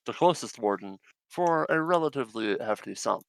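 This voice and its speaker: A man's voice: mid-range voice, animated, normal speed, creaky, dry recording, rough recording. A man narrating as game master of an online tabletop game, rambling with many fillers.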